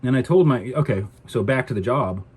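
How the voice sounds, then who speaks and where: A man's voice: mid-range voice, lively intonation, fairly quick, a little mellow, husky. A man ranting to camera in a casual vlog, indignant and exasperated. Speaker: vlogger.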